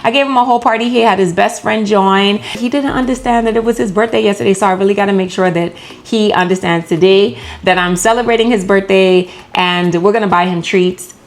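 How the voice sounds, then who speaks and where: A woman's voice: medium pitch, steady tone, fairly quick, hardly any pauses. Chatty woman vlogging her workout. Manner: chatty, talks while training and catching breath. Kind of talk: casual chat to camera. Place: home pole studio room.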